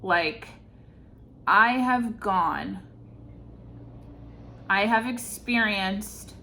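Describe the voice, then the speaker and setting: Extremely slow and pushed, with a bright tone at medium pitch, this tarot reader offers an intuitive reading. Sincere and groping for the right words, she fills gaps with lots of fillers, over a slight hiss or hum.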